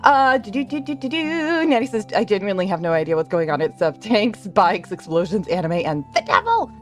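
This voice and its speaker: A woman's voice: medium pitch, lively intonation, a little fast, faint music behind. A woman live-streaming a game, chatting with viewers and reading chat aloud, bubbly, laughing often and swearing freely. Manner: reads chat messages aloud.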